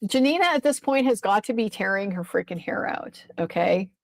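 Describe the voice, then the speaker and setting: A woman's voice: medium pitch, animated, moderate pace, gravelly, dry recording, rough recording. A woman lawyer giving casual, profane, exasperated commentary on a court case, rambling at times.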